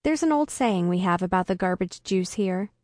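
A woman reading a first-person story aloud in a deadpan comic way. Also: on the low side, normal speed, dry recording, clean studio sound. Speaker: narrator. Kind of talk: first-person audiobook narration.

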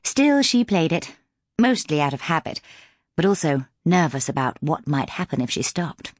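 A woman with a deep voice narrates an audiobook in a measured, expressive storytelling style. She is close to a studio mic, and the recording is dry.

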